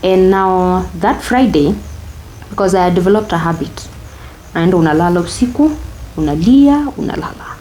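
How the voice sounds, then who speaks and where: Candid and reflective, a young woman with a Kenyan accent shares her personal story as an interview guest, slipping Swahili into her English. She speaks at normal speed in a low-ish, darkish voice, and there's slight hiss or hum.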